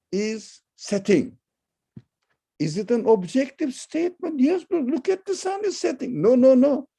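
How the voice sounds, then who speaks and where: A man giving an online religious lecture and answering questions, emphatic, with loud high-pitched bursts and halting non-native phrasing. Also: creaky.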